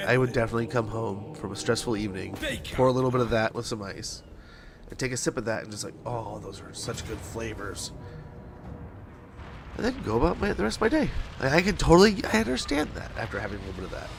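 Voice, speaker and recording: Streamer, male, thirties, mid-pitched, rambling casual storyteller who keeps restarting sentences. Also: very animated, very fast, vocal fry, background noise. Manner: rambling, with many restarts and self-corrections. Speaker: game streamer.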